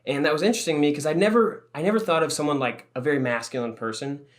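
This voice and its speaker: A man's voice: a little high, rapid-fire. A young man co-hosting a podcast, telling a rambling story in casual chat, swearing and laughing often. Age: young adult. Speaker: podcast co-host.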